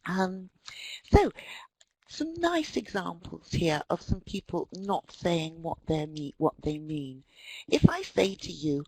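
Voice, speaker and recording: A woman presents an online talk on language with a husky, breathy edge to her voice. Her pitch rises and falls in a lively way as she tells anecdotes and puts on the voices of the people she quotes. The sound is close and dry. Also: slow, no echo, low-quality recording. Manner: lively storytelling, acts out quotes. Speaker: webinar presenter.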